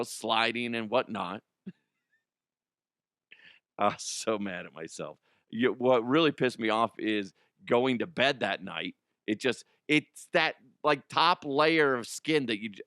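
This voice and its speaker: A middle-aged man hosts a comedy sports show from a studio, chatting loosely and poking fun at himself with plenty of laughs and cursing. His voice is smooth and resonant, and the sound is close and dry with no room echo. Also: medium pitch, sharp tone. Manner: self-deprecating, laughs often, swears freely. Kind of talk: casual comedic monologue.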